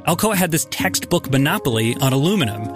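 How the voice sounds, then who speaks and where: A man's voice: fairly high pitch, sing-song, fast talker, over music. A man hosting a podcast, telling a story conversationally with casual fillers. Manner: curious, conversational, frequent fillers. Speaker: podcast host. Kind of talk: scripted podcast storytelling with banter.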